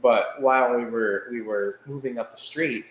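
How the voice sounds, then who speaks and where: A man co-hosting a podcast, telling a story in a casual, animated way and laughing as he acts out what others said. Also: medium pitch, normal speed, a little hiss or hum. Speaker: podcast co-host. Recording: echoey room with faint ambience.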